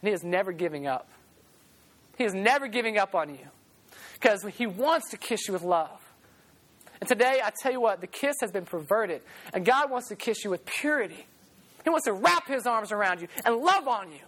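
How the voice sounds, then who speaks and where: A young male preacher delivering a sermon in a loud, animated way, breaking into laughs between points. His voice sits high for a man. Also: normal speed.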